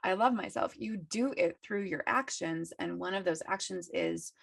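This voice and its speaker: A woman's voice: fairly low pitch, measured pace, gravelly, fairly bright tone, dry recording, clean studio sound. A woman co-hosting a spiritual podcast, talking earnestly and encouragingly. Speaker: podcast co-host. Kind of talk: casual spiritual chat.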